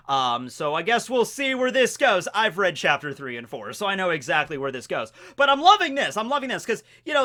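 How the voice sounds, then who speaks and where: A young man hosting a video, casually recapping a manga chapter in an animated, rambling way. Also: fairly high pitch. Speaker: video host reviewing a manga. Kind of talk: casual chat.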